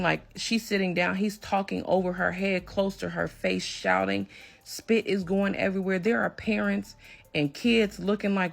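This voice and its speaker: A woman telling a personal story in an emphatic, animated storytime manner. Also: medium pitch, gravelly. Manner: emphatic, animated when retelling a confrontation. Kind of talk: storytime recounting a personal drama.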